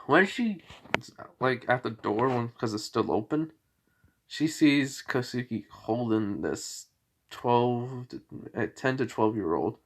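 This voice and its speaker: Slow, rambling young-sounding man telling a story. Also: mid-range voice, lively intonation, slight background noise. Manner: rambling, halting, full of "like" and restarts. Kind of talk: casual spoken fan-fiction retelling.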